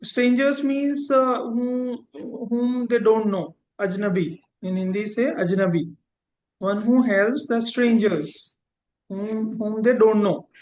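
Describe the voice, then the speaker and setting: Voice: medium pitch, steady tone, slow, a little mellow, rough recording. A teacher giving a vocabulary lesson, repeating each word and drawing out key terms. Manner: repeats words, spells them out and drags out key terms. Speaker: English teacher.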